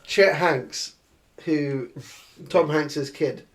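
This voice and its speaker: A man's voice: on the high side, extremely slow. A man hosting a podcast in casual chat, sweary and opinionated. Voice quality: sweary, opinionated, laughs a lot. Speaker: podcast host.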